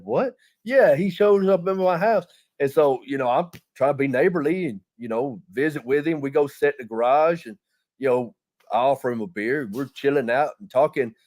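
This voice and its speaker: A man's voice: medium pitch, darkish tone. A man telling a long, profane, rambling story in casual chat, laughing as he goes. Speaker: podcast host.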